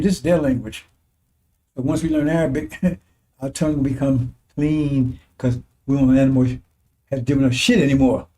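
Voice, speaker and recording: A man with a warm, slightly high voice preaches an informal sermon. He rambles and repeats himself, uses coarse language, and laughs as he talks.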